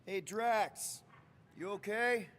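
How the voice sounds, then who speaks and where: A man's voice: high-pitched, slow pace, fairly bright tone. An actor playing a casual, joking male space outlaw leader, heard in game audio.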